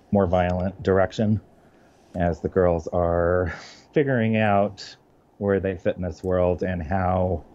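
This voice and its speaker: A man's voice: low-pitched, dark tone, highs cut off. A man, a comic book writer, talking casually in an interview, often restarting his sentences. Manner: halting, many restarts and fillers.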